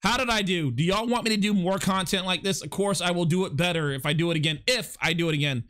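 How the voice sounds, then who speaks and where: This high male voice moves at a quick pace with a fairly bright tone. He's a young host on his first live podcast and stream, rambling casually and stumbling over his words while reading and replying to the viewer chat.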